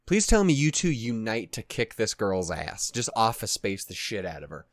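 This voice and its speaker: A man's voice: fairly low pitch, big pitch swings, moderate pace, no echo, clean studio sound. A young man casually rambling and swearing while reacting to an anime at his desk at home. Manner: rambling, profane, laughs often.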